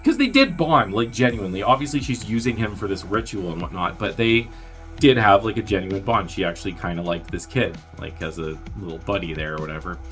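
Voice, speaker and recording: Man, lowish voice, casual rambling movie recap, wry asides, faint music behind. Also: animated, fairly quick, a bit bright. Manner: rambling, filler-heavy, offhand and wry. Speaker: movie review podcast host.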